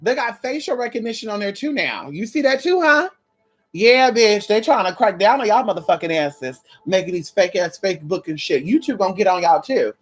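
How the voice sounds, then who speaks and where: A spiritual vlogger talking casually and profanely to an online audience. The delivery is animated and conversational, peppered with "girl", "honey" and "y'all" as the speaker tells personal stories. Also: mid-range voice, fairly quick, breathy edge. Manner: profane, animated, talks straight to viewers. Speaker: spiritual content creator. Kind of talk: casual chat to viewers.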